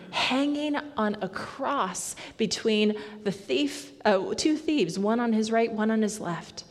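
A woman preaching a sermon in a slow, measured, reflective way. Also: mid-range voice. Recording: long hall reverb.

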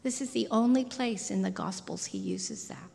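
A woman preaching a sermon in a slow, deliberate, softly intimate way. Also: mid-range voice, creaky. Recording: reverberant hall.

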